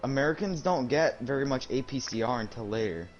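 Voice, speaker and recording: A man bantering during a game session, with a lively, swinging pitch. The sound is dull and lo-fi, and music plays clearly behind him. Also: a little fast. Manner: playfully defiant, animated. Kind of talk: casual gaming chat with friends.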